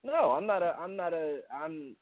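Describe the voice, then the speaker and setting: A man calling in to a talk radio show, speaking haltingly and searching for words. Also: a little high, lively intonation, dry recording. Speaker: caller. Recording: phone line, dry.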